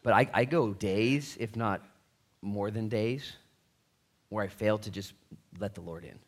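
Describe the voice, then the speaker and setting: A man preaching a sermon with casual slang, swinging between loud bursts and hushed, earnest stretches. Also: on the low side, unhurried. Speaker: pastor.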